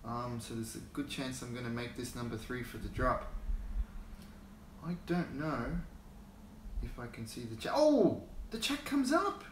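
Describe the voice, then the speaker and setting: A man's voice: mid-range voice, steady tone, moderate pace, pauses often, fairly bright tone, echoey room, a little hiss or hum. An Australian man hosting a casual livestream, rambling and chuckling as he greets viewers by name, talking into a phone held in his hand. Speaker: hobby channel host.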